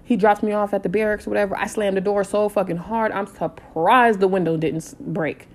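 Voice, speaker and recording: A woman in her thirties telling a personal story in a casual, animated way, blunt and swearing freely. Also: mid-range voice, a little fast. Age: 30s. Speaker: storytime vlogger.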